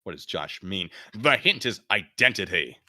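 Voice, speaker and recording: A man streaming as he reads a mystery story aloud, with lively, chatty, self-mocking asides. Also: low-pitched, normal speed. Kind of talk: livestream read-aloud, casual asides.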